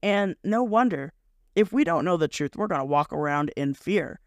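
Young guy podcasting, high voice, dry close sound, rambly and earnest. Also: expressive, moderate pace, no echo. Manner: rambling, self-correcting, earnest. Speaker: podcast host. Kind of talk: casual devotional podcast talk.

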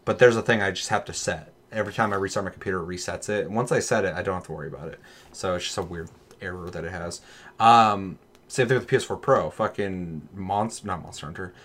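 A man with a lowish voice in loose, casual conversation. He talks with lively energy, swears often and drops into quick mock voices as he tells his stories. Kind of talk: casual chat.

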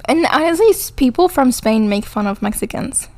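A woman's voice: sits high, animated, normal speed, darkish tone. A young woman co-hosting a podcast in casual chat, giggling often and filling her talk with "like.". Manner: giggly, lots of filler likes. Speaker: podcast co-host.

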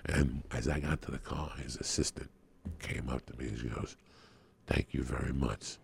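A man's voice: a bass voice, steady tone, fairly quick, vocal fry, a little hiss or hum. A middle-aged man, a guest comedian, telling a rowdy, profane story on a podcast and acting out the people in it.

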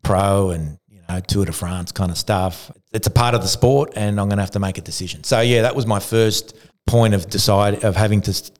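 Low-voiced man telling a story. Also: a little fast. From Argentina. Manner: animated storyteller who acts out quotes, frequent restarts. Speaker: guest, retired pro cyclist. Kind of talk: casual storytelling.

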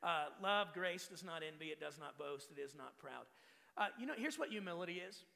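A man's voice: fairly high pitch, animated, a little fast, creaky, bright, forceful tone. A man in his forties preaching a sermon as pastor, emphatic and full of rhetorical questions to the congregation. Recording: long reverb of a large hall.

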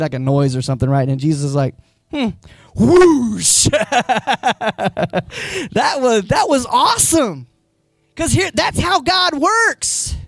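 High-pitched, lively male pastor preaching. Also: no echo. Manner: conversational preaching, retells scenes with voices; rises to emphatic, raised-voice points. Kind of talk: sermon. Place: church.

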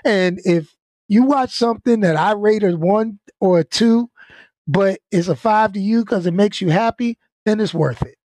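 A man's voice: high voice, normal speed, a little mellow, no room sound. A man hosting his own channel, venting in a casual, blunt way, stumbling over and repeating words and laughing between points. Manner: laid-back, blunt, repeats himself, laughs often. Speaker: channel host.

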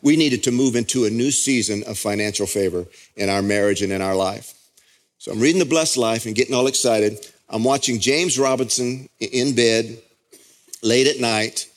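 A middle-aged pastor, preaching a sermon as a story that keeps building in intensity. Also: male voice, moderate pace. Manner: impassioned storytelling, pitch climbing as he builds.

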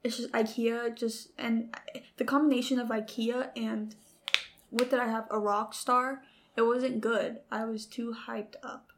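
Young woman, gravelly voice, high-ish, giggles and rambles in casual chat. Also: level tone, a little slow, a little hiss or hum. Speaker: podcast co-host. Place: bedroom.

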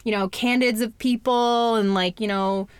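A woman's voice: fairly high pitch, fairly even intonation, normal speed, clean tone, no room sound. Candid young woman chatting, dry sound. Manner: candid, chatty, fillers and swearing. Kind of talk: casual personal chat.

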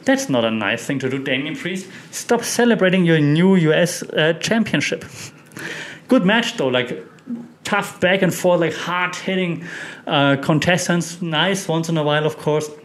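A man's voice: on the high side, normal speed. A man hosting a casual wrestling recap, chatty and opinionated, with many fillers and restarts. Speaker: wrestling podcast host.

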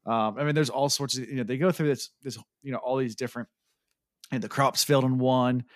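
A man's voice: medium pitch, fairly even intonation, brisk, no echo, studio quality. A man co-hosting a podcast, chatting in a loose, rambling way with lots of fillers. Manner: rambling, full of "like" and "um". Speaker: podcast co-host. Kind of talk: casual chat.

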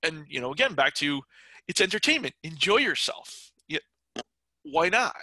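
A middle-aged man chatting as a podcast guest. His voice is very bright and forceful, and it is recorded dry and close. He rambles, with plenty of fillers and restarts. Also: fairly high pitch, sing-song, moderate pace, dry recording, low-quality recording. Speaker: podcast guest, writer and game developer. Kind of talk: casual interview chat.

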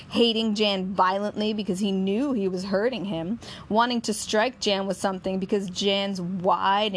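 A woman narrating a novel in a steady, measured storytelling voice. Her pitch sits in the middle range. A faint noise hums beneath the reading.

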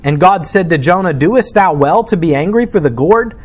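A man's voice: sits high, expressive, moderate pace, husky. A man preaching a sermon as pastor, reading scripture and explaining it with emphatic delivery.

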